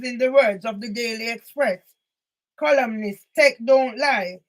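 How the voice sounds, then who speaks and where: A high-pitched woman ranting straight at someone she is angry with. She is confrontational and keeps hammering her points home, sometimes bursting out loudly. The recording is an author and campaigner's monologue video. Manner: angry and confrontational, repeated emphatic loud bursts. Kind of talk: ranting monologue addressed to one person.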